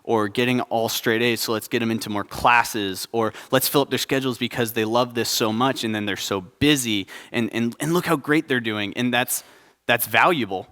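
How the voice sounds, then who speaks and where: A man's voice: mid-range voice, moderate pace, a bit bright, smooth, in a large hall. A young adult man preaching a conversational sermon at a church service, joking and asking the congregation questions. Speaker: pastor.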